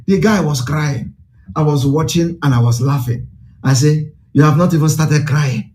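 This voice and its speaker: A man's voice: high-pitched, a bit bright. A man with a Nigerian accent giving an impassioned broadcast address, fiery and declamatory with lots of repetition. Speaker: political broadcaster.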